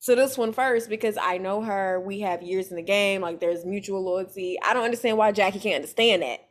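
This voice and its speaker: A woman co-hosting a casual chat, recapping reality TV in a lively, profane, animated way. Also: medium pitch, brisk. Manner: animated, profane, mimics cast members. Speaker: podcast co-host.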